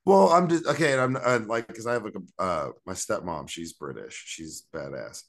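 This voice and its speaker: A man's voice: on the low side, lively intonation, normal speed, creaky. A man co-hosting a podcast in casual chat, rambling with lots of slang, fillers and restarts. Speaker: podcast co-host.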